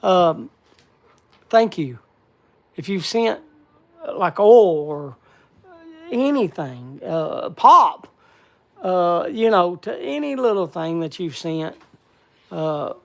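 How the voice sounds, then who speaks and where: A man hosting a casual live stream, thanking viewers in a halting, repetitive, heartfelt way. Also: high voice, big pitch swings, gravelly, a bit bright. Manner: halting and repetitive, stumbling over words. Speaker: livestream host.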